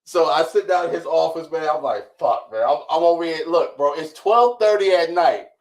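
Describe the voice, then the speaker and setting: A man's voice: on the high side, moderate pace. A man in his thirties co-hosting a podcast, telling a story in casual chat and acting out the dialogue. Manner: animated storyteller, acts out quoted dialogue, frequent "right?". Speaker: podcast co-host.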